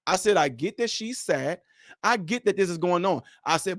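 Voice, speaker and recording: A man's voice: sits high, animated, normal speed, no room sound, clean studio sound. A man hosting a casual livestream, talking straight to his viewers, repeating his points emphatically. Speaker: livestream host.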